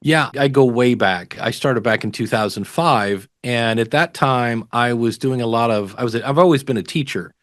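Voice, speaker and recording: Middle-aged man, animated storyteller, dry sound. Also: mid-range voice, normal speed, hardly any pauses, no room sound. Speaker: podcast guest, podcasting teacher. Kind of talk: casual interview chat.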